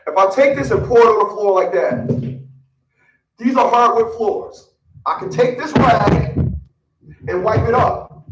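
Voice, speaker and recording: A man's voice: sits high, measured pace, pauses often, reverberant, distant mic, poor audio. A man giving blunt, boastful relationship advice in a casual, profane rant, often repeating words as he gets worked up. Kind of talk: casual ranting monologue.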